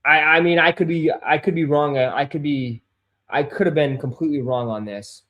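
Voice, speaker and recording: A man hosting a casual sneaker livestream who swears, gets easily frustrated and calls his viewers bro and dude, turning loud and insistent when he makes a point. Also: on the high side, a little fast, muffled recording. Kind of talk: casual live-stream chat. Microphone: desk microphone.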